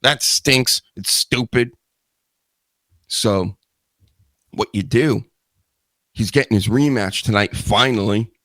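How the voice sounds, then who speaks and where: A man's voice: lowish voice, slow, pauses often, fairly bright tone, no room sound. A man hosting a live wrestling news show, talking in a rambling, joking way with self-mocking asides. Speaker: host.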